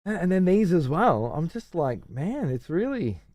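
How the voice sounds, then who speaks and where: Australian streamer, foul-mouthed rambling rant, dry close sound. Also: male voice, on the high side, very animated, unhurried, warm tone, dry recording. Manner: profane, rambling, sarcastic. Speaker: livestreamer. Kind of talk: casual livestream rant.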